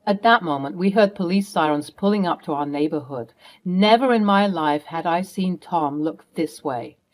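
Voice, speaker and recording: A young woman in steady, matter-of-fact scripted first-person narration. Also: mid-range voice. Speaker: storyteller.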